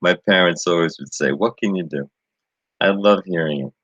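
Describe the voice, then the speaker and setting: A middle-aged man giving an informal talk comparing languages, explaining slowly with fillers and repeated words. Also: sits low, fairly bright tone, no echo, dull audio. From grew up with Sicilian. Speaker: presenter.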